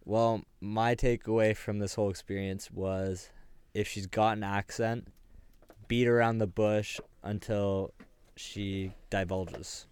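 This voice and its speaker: Young guy on a podcast, smooth voice, dry sound, rambling jokey stories. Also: lowish voice, fairly even intonation, slow pace, a little mellow, no echo. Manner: joking, storytelling, crude. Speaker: podcast co-host. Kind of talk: casual chat.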